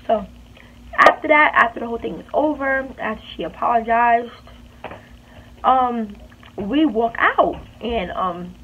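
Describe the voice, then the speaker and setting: Chatty woman vlogger with a tinny sound. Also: fairly high pitch. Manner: animated, chatty retelling with emphatic repeats. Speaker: beauty vlogger. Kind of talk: storytime vlog. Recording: tinny phone-like sound with faint hiss.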